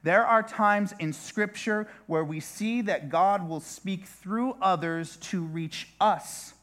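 A man's voice: sits high, slow, a bit bright. A man preaching a sermon as a pastor, speaking conversationally with frequent restarts and asides.

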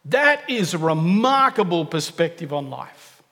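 A man delivers an earnest sermon, his fairly high voice hammering home key phrases by repeating them. The sound carries the long, lingering reverb of a large hall. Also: very animated, measured pace, pushed and bright. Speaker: preacher.

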